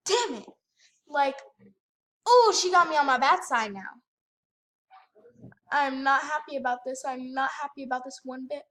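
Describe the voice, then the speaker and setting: A woman's voice: high voice, lively intonation, unhurried, pauses often, a bit bright. A woman ranting with sassy indignation while commentating her gameplay at home by the computer. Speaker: gaming channel host.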